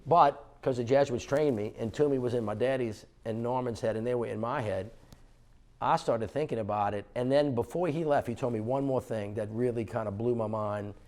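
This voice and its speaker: A middle-aged man from New Orleans, a former mayor, telling an animated story on stage at a fundraiser and acting out the dialogue. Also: medium pitch, a little fast. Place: stage conversation at an indoor fundraiser.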